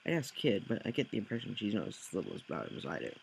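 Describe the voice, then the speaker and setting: A man's voice: fairly low pitch, wildly swooping pitch, racing, vocal fry, a little hiss or hum, low-quality recording. A man reading a text game aloud, with slips, corrections and jokey asides. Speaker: let's play host.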